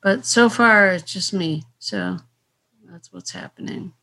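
A woman's voice: medium pitch, big pitch swings, takes it slowly, bright, forceful tone. An older woman leading a casual group call, talking in a hesitant way with many restarts.

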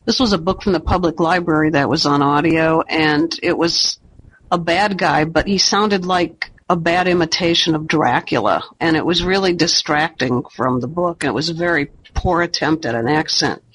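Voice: mid-range voice, moderate pace, a bit bright, rough recording. A book club member talking in a critical, matter-of-fact way. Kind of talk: casual group chat.

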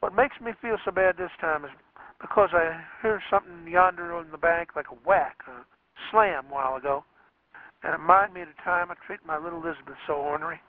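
A man's voice: fairly high pitch, a little fast, no room sound, lightly acted. A man voicing a remorseful, grieving father who tells his story in a drawling Southern US rural dialect and rises to anguished cries. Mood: rueful. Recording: dry, tinny phone-like radio sound.

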